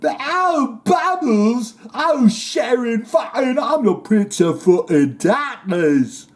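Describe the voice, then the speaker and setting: A man's voice: very high voice, big pitch swings, slow pace, pitched above the performer's own voice, heavily acted. A man impersonating an older male rock star who whines in a slurred, cranky voice. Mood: whiny shouting.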